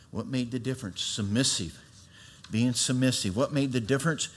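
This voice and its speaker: Middle-aged male preacher, folksy testimony, middle-pitched voice, loud and soft by turns. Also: fairly quick, a little hiss or hum. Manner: folksy storytelling, swings from loud to hushed. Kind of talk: sermon testimony.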